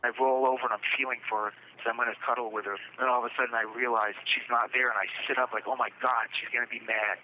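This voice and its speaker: A man in a phone interview from jail, recounting events in a plain, halting first-person way. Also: medium pitch, level tone, narrow, tinny audio. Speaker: jailed murder suspect.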